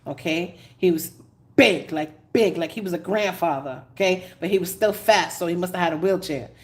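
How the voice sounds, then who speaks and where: Animated New woman telling stories. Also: lowish voice, moderate pace. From New York. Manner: animated storyteller, laughs often, dramatic asides. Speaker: tarot reader. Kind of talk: casual live-stream chat.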